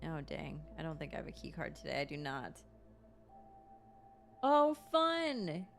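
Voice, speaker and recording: A woman's voice: low-pitched, big pitch swings, a little slow, gravelly, music in the background. A woman streaming a video game, chatting casually and reacting aloud to what happens and to her chat. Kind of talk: casual gameplay commentary.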